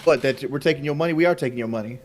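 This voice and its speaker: A man co-hosting a livestream, teasing and sarcastic toward a shouting guest. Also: mid-range voice, rapid-fire, a little hiss or hum. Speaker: livestream co-host. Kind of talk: livestream talk.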